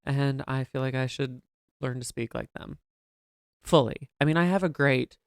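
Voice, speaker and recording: A man's voice: medium pitch, moderate pace, dry recording, clean studio sound. A man co-hosting a podcast, talking in a campy, playful, theatrical way in casual comedic chat. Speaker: podcast co-host.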